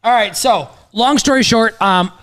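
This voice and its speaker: Casting: man, thirties, podcast host, fairly high voice, rambling and excitable, swears casually. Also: unhurried. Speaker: podcast host, sports bettor.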